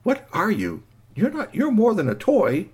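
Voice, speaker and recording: A bossy, flustered mother whose voice climbs shrill and high, as a man puts her on. She talks in a husky, lively way and gets loud when she calls out. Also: a little slow, full character voice. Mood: exasperated. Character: flustered, bossy mother, middle-aged woman.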